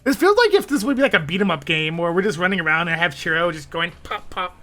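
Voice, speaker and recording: A woman's voice: lowish voice, animated, fast, fairly bright tone. A woman streamer narrating a visual novel read-along with a giggly, playful, chatty manner.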